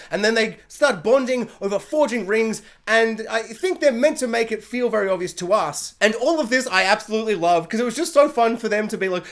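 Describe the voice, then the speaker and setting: A reviewer giving a comedic spoiler review, animated and jokey, often acting out characters in silly voices. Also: medium pitch, a little fast. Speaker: TV show reviewer.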